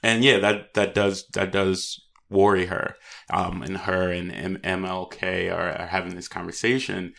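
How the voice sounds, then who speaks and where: A man's voice: low voice, flat delivery, a little slow, vocal fry, a bit bright. A man co-hosting a podcast, chatting casually about a film in a hesitant way, with many fillers. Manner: hesitant, lots of likes and ums. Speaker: podcast co-host. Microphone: studio mics.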